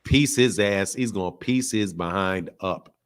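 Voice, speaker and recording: A man's voice: sits low, a little slow. A man hosting a boxing talk stream from home, emphatic and slangy, repeating his points over and over. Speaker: boxing channel host. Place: home indoors.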